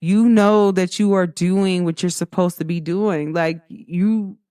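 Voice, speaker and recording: Lively young woman with a dry close sound. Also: on the low side, takes it slowly, smooth, dry recording. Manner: animated storytelling, acts out quoted voices, laughs often. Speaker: host. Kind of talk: casual spiritual pep talk.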